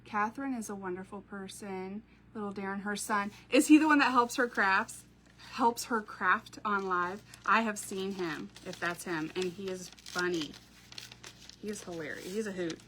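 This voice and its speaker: A woman's voice: medium pitch, moderate pace, sharp tone, a little hiss or hum. A woman, hosting a craft live stream from home, chatting to viewers, telling stories and laughing often. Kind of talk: casual live-stream chat.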